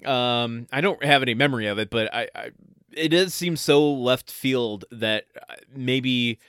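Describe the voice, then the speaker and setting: A man's voice: medium pitch, moderate pace, a bit bright, smooth, dry recording. A man co-hosting a podcast, chatting casually with hesitant restarts and dry humor. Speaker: podcast co-host. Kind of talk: casual chat reviewing a sitcom episode.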